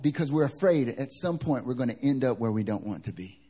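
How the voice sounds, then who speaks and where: A male pastor from the American South, preaching a sermon through funny personal stories, animated and joking. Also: mid-range voice, brisk, hardly any pauses, slightly rough. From Southern United States. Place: church service.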